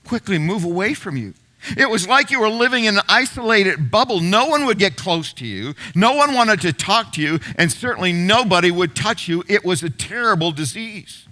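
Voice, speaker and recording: A middle-aged man preaches to his congregation as pastor, retelling a story with repeated phrases for emphasis. His voice sits high and bright. He lets some words fall to a near hush before building back up. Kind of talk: sermon.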